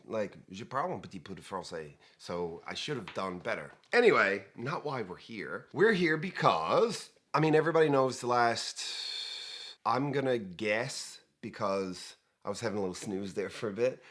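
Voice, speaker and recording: A man hosting a real estate talk show, chatting casually with jokes and rambling asides. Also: lowish voice. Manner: lively, joking, rambling asides. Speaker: host.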